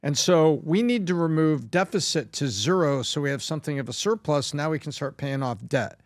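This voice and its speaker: A man's voice: fairly high pitch, lively intonation, a little fast, dry recording, studio quality. A man on a podcast panel giving confident, emphatic opinions. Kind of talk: casual panel discussion.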